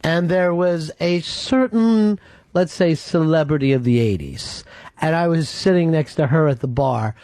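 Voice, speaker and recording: A man's voice: fairly high pitch, unhurried, darkish tone, no echo. Wry storytelling radio host man. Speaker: radio talk show host. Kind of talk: casual studio banter. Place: radio studio. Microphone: studio mic.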